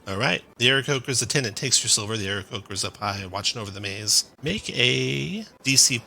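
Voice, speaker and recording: A man narrating a tabletop game as game master, in a relaxed, loose way with fillers. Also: medium pitch, fairly quick, vocal fry, a little hiss or hum.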